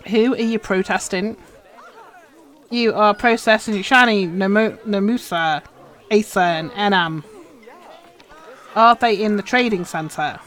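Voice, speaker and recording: A woman's voice: mid-range voice, measured pace, pauses often, a bit bright, some chatter behind. A woman casually commenting on her live game stream, muttering instructions to herself as she plays. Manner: chatty, muttering instructions to herself while playing.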